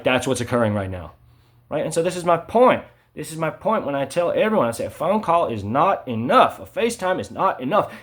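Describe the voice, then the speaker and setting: A man delivering an agitated, repetitive monologue, ending his sentences with "right?" and swinging between loud emphasis and low mutters. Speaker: vlogger. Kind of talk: ranting monologue to camera.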